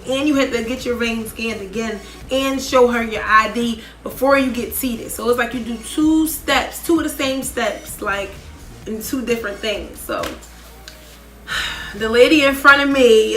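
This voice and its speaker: A young woman in her twenties telling a casual storytime, chatty and animated, full of "like" and quick asides. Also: a little high, reverberant. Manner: chatty, animated, heavy use of "like". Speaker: vlogger.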